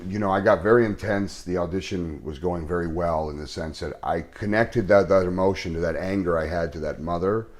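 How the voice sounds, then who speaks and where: A man, an actor, telling an earnest and halting story in an interview, full of restarts. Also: low voice.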